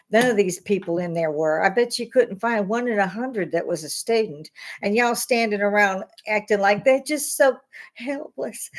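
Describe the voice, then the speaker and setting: A woman hosting a casual livestream from her home bar, talking bluntly and swearing as she rants. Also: fairly high pitch. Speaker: livestream host. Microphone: webcam.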